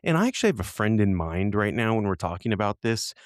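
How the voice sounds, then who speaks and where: A man's voice: on the low side, big pitch swings, fast talker, no room sound, studio quality. A man co-hosting a podcast in casual chat, talking in a rambling, easygoing way and laughing easily. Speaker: podcast co-host.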